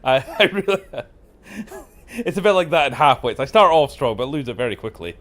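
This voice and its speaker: A man's voice: medium pitch, very animated, a little fast, a bit bright. A man giving casual, joking commentary while playing a game, laughing often and poking fun at himself. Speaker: game streamer host.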